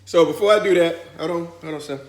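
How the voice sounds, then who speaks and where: High-voiced man teasing over football. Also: a crowd in the background. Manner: teasing, laughing, rapid trash talk. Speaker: vlog host. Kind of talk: casual football picks chat. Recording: echoey room with faint noise.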